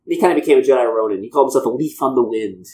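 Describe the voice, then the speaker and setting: A man co-hosting a podcast, telling a long fan story in a rambling, animated chat. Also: medium pitch, rapid-fire. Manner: rambling, animated retelling of lore. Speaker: podcast co-host.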